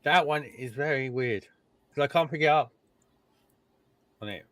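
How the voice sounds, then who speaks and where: A man's voice: mid-range voice, measured pace, fairly bright tone, dry recording. A man co-hosting a podcast, chatting casually about recordings, laughing often and trailing off mid-sentence. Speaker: podcast co-host. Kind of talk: casual chat reacting to recordings.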